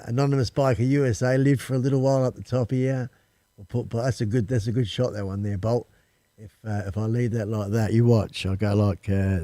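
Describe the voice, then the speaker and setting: A man's voice: medium pitch, mellow, no echo. Chatty Australian man hosting a live stream. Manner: rambling, chatty, addresses viewers as folks. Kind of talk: casual live-stream chat. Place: temporary home studio.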